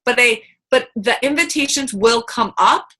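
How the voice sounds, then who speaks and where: A woman's voice: a little high, expressive, moderate pace, fairly bright tone. A woman giving a chatty, upbeat coaching talk over a video call, full of fillers and quoted asides. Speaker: team coach.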